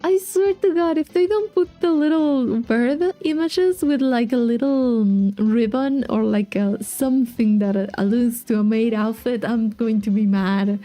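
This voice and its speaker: A woman's voice: a little high, a little slow, mellow. A young woman streaming a game, chatting in a giggly, rambling way. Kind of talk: casual let's-play commentary. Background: faint game music.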